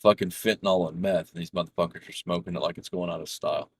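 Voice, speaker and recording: Rambling, profane middle-aged man, low voice. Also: fairly even intonation, fast, slightly rough, no echo. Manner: rambling, profane storytelling with many restarts. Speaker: gamer chatting with a friend. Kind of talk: casual chat.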